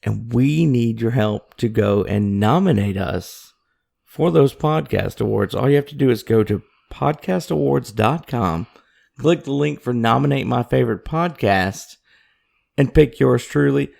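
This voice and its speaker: A man with a deeply gravelly, fry-heavy voice co-hosts a relaxed podcast. He talks into a desk microphone in a loose, joking way, stretching out his plugs for the show. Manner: loose, joking, drawn-out promo talk. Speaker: podcast co-host. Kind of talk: casual podcast chat. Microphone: studio microphone at a desk.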